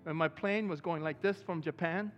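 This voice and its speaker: A man preaching a sermon as pastor, talking to the congregation in a relaxed way and breaking into loud excited bursts. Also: on the high side, normal speed, dull audio, faint music behind.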